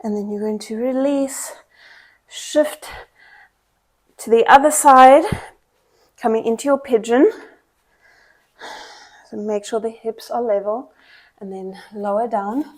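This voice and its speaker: A woman's voice: on the high side, slow, long pauses. A young woman leading a pilates class with short exercise cues and countdowns. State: out of breath. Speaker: pilates instructor. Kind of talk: cueing a workout class.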